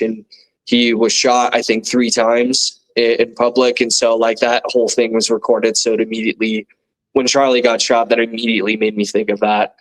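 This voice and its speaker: A young man as an interview guest, recounting what he saw in a halting, casual way with many fillers and restarts. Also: mid-range voice, low-quality recording. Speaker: guest eyewitness.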